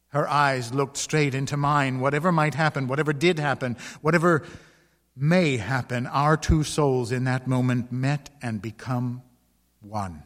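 A man reading a first-person ghost story in a slow, measured, dramatic way. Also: mid-range voice, long reverb tail. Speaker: story reader.

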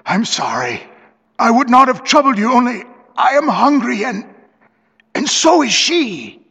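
A man's voice: low voice, measured pace, fairly bright tone, slightly rough, pitched below the performer's own voice, full character voice. Man doing a broken, pleading old castaway. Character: pitiful hidden castaway man, old, desperate. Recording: long reverb.

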